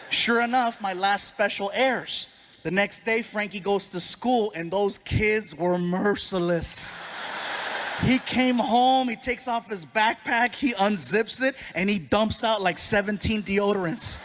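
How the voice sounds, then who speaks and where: A middle-aged man doing stand-up comedy on stage for a live audience. He tells his story with animated energy and acts out the characters. His voice sits high for a man, with faint ambient noise behind. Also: a little slow.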